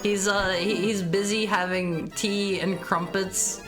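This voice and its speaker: A woman's voice: mid-range voice, fairly even intonation, slow pace. A woman streaming a video game, chatting playfully and teasing her chat. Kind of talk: casual game-stream commentary. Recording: game music playing behind.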